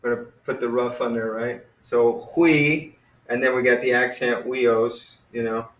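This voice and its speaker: A man teaching a casual online beginner class, relaxed and friendly, often saying "man" and "you know.". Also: mid-range voice, unhurried, echoey room, highs cut off.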